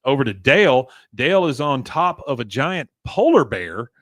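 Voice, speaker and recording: A man co-hosts a live podcast, walking through a cartoon episode scene by scene in a relaxed, chatty way. He drops into quick, loose versions of the characters' lines as he retells them. His voice sits in a dry, close room with no echo. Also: medium pitch. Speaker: podcast co-host. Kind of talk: casual recap of a cartoon episode.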